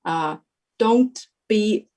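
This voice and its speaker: A young adult woman giving a halting interview testimony, full of fillers and restarts. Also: mid-range voice, expressive, mellow. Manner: hesitant, many fillers and restarts. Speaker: devotee sharing a testimony.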